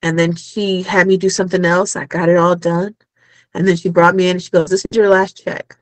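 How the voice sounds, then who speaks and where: A woman's voice: on the low side, a little fast, no echo, rough recording. A woman with a Caribbean accent, a podcast guest telling a personal story in casual chat and acting out the dialogue. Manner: animated, acts out quoted dialogue. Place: Los Angeles.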